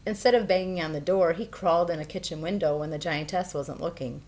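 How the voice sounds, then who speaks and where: Low-voiced woman reading a storybook. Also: a little fast. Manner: expressive, playful reading. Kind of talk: children's storybook read-aloud.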